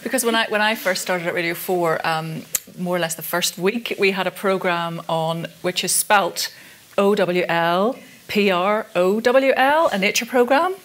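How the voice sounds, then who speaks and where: A woman's voice: on the low side, a little slow, a bit bright, a little hiss or hum. Woman moderating a festival talk. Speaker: interviewer and radio presenter. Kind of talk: moderating a live discussion. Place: live festival discussion.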